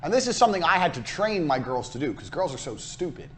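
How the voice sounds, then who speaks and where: In this recorded business lecture, a male course instructor talks fast in a slightly high, sing-song voice, with a faint hiss or hum underneath. He's brash, profane and hard-selling, driving his points home through repetition.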